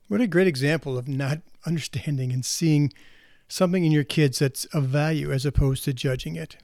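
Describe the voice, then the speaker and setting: A man's voice: a little high, fairly quick, vocal fry, darkish tone, no echo, studio quality. A man speaking earnestly as a counselor to parents, often restarting and repeating words as he talks. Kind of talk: reflective spoken talk.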